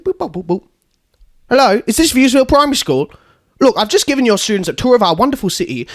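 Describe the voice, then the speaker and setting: A man's voice: high-pitched, a bit bright. A man voicing a blind, foul-mouthed female bus tour guide in a comedic storytelling podcast. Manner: swings from chirpy guide patter to furious swearing.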